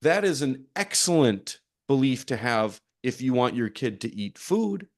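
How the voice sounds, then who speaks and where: Animated man telling coaching stories. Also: mid-range voice, measured pace. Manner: animated storytelling with acted-out quotes. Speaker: performance psychology coach. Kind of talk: conference session talk.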